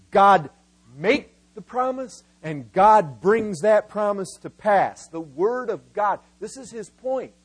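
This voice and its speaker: A man preaching a sermon with emphatic delivery, slowing down to stress key words. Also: high-pitched, poor audio. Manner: emphatic, voices biblical figures in quotes, slows for key words.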